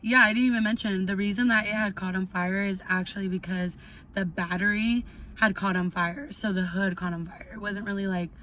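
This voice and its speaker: A young woman hosts a casual storytime vlog in a bright, forward voice. She talks in an animated, loose way, full of swearing and fillers. A faint hiss sits under the recording. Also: mid-range voice, brisk. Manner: animated, heavy swearing, lots of "like". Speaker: vlogger.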